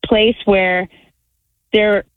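A female caller speaking slowly and chattily, with her sentences trailing off. Her voice comes through a tinny, dry phone line. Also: mid-range voice, flat delivery, dry recording. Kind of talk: phoning in to a radio show.

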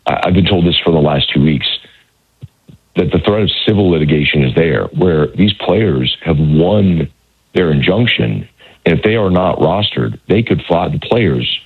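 A hoarse man who has lost his voice, reporting on college football over a phone line in a measured, hedging way with many restarts. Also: low voice, dry recording. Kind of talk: casual radio phone interview.

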